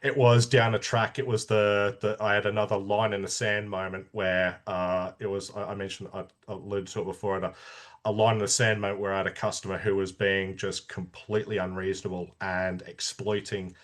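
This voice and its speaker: A middle-aged Australian man, an army veteran guest telling stories in a casual interview, halting with frequent restarts and laughing as he talks. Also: on the low side, level tone.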